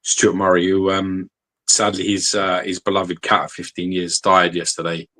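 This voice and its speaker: A man co-hosting a podcast in casual chat, blunt and animated, swearing freely. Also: deep voice, normal speed. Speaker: podcast co-host. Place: podcast studio.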